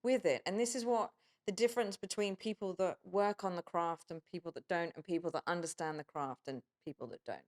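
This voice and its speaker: A woman's voice: on the low side, a little fast, a little mellow. A woman, an actor guest, chatting casually in an interview, guessing aloud and telling stories with animation.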